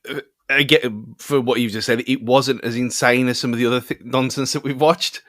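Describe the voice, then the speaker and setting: A man gives his film opinions in a loose, rambling podcast chat, often restarting his sentences. His voice is mid-pitched. The recording is dry and close-miked. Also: fairly even intonation, moderate pace, fairly bright tone, no echo. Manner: rambling, many restarts and fillers. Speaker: podcast co-host. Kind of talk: casual film review chat.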